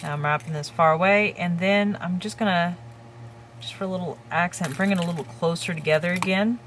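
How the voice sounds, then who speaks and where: A woman hosting a crafting tutorial, calmly talking through each step while she works with her hands. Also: on the low side, a little hiss or hum. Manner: calm, unhurried, talks while working with her hands.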